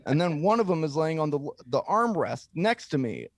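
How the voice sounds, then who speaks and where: A man's voice: fairly high pitch, moderate pace, dry recording, studio quality. A young man co-hosting a podcast, telling a long embarrassing story in casual, rambling chat with plenty of swearing. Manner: animated, swears freely, rambling anecdote. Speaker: podcast co-host.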